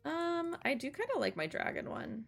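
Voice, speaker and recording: A woman's voice: sits high, wildly swooping pitch, moderate pace, gravelly, faint music behind. A young woman giving casual, giggly let's-play commentary as she plays a video game. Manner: chatty, giggly, playful. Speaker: gaming streamer.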